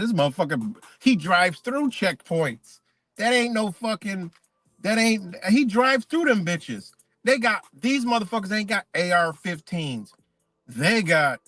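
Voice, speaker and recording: Casual male streamer, slightly high voice, swearing and rambling, dry close mic. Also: bright, forceful tone, no room sound. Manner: profane, rambling, emphatic storytelling. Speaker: live streamer. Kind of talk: casual ranting monologue.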